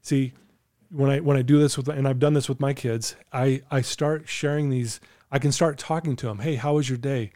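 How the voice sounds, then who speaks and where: A middle-aged man speaks in an earnest, coaching way, telling stories as a guest on a podcast. His voice is warm and mellow at a middle pitch. The sound is dry and close. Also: fairly even intonation, normal speed, no room sound. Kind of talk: casual podcast chat.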